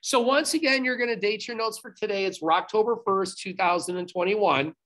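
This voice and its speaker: A man's voice: high voice, fairly quick, fairly bright tone. A man teaching history in a recorded video lecture, speaking emphatically, repeating instructions and adding asides to the class, recorded on a laptop video-call setup.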